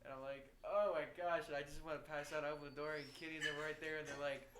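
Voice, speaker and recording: A young man chatting with his brother on a podcast, loudly retelling a drunken story. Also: on the high side, little pitch movement, racing. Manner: loud, laughing retelling of drunk stories. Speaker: podcast co-host, host's brother. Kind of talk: casual chat. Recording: echoey room with background noise.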